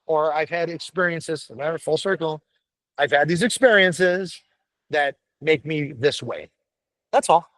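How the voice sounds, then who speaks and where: Gruff, blunt middle-aged man, fairly high voice. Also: measured pace, no room sound, rough recording. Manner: blunt, profane, animated storytelling. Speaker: podcast guest, firefighter paramedic. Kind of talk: casual chat.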